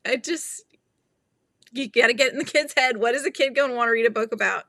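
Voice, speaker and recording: A woman hosting a casual crochet livestream, giggly, animated and chatty as she talks to viewers. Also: on the high side, a little fast, no room sound. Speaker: livestream host.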